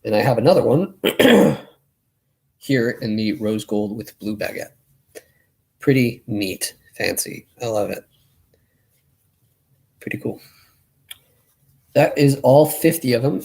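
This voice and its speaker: Breathless young man with a gravelly voice. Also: mid-range voice, animated, darkish tone. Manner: rambling, talks fast and loses breath. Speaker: live streamer. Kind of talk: casual live stream chat.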